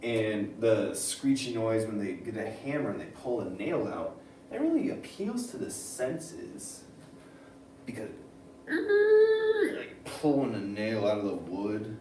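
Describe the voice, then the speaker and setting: A male teacher giving a reading lesson, reading passages aloud and thinking out loud about them. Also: lowish voice, unhurried, slight background noise. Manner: animated, switching between reading aloud and thinking aloud. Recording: roomy sound, mic at a distance, faint ambience.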